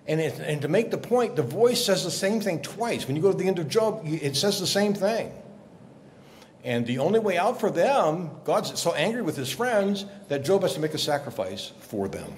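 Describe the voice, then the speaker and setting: A man, a guest journalist, explaining scripture in a lively conversational way, acting out quotes as he tells the story. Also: a little high, moderate pace, slight background noise. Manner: animated storyteller, acts out quotes. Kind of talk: conversational Bible teaching.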